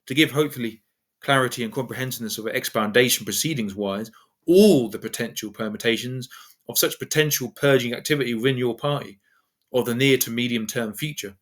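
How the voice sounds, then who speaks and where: A man's voice: mid-range voice, fairly quick. A man, the channel's host, delivering a wordy, digressive political essay in formal phrasing.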